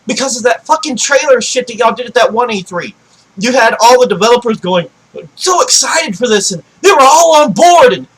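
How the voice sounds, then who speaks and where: A man ranting about video games to his desk mic, swearing a lot and swinging between shouting and low grumbling. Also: husky, low-quality recording. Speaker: gaming vlogger. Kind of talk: angry gaming rant.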